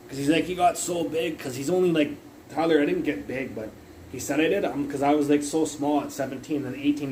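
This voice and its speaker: A man's voice: mid-range voice, darkish tone, slight background noise, low-quality recording. A young man livestreaming from his phone, telling a long rambling story full of curses, fillers and restarts. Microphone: phone mic.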